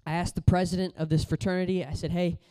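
A man delivers a sermon conversationally, telling stories and shifting between loud exhortation and quiet, low moments. His delivery is flat and his pace quick.

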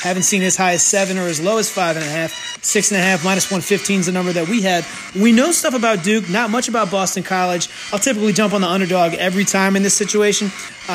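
A man hosting a sports betting podcast, ranting in a sarcastic, profane, rambling way into a sensitive desk microphone. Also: sits high. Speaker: podcast host and sports bettor. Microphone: new sensitive microphone at a desk.

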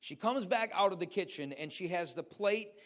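An American pastor with a notably high voice preaches to his congregation. He tells stories with energy and keeps turning to the audience with questions. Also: normal speed. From United States. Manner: animated storytelling, asks the audience questions. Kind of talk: sermon.

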